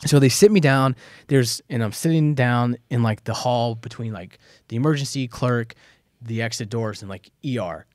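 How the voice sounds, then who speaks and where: An American man, a former soldier, telling stories from his past in a candid, animated interview, acting out the voices he quotes. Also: mid-range voice, normal speed, no echo, studio quality. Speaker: guest. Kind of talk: casual storytelling interview.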